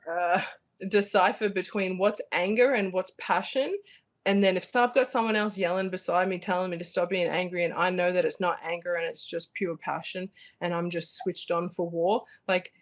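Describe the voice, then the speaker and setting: A young Australian woman talking casually as an interview guest, animated and rambling with lots of fillers and restarts. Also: lowish voice. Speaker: guest, bare-knuckle fighter.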